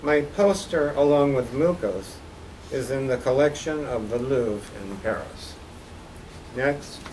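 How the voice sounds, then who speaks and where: With a slow, mid-range voice of darkish tone, an older guest artist walks a college lecture hall through slides of his posters, wryly and drily funny. A distant mic catches him alongside faint background noise.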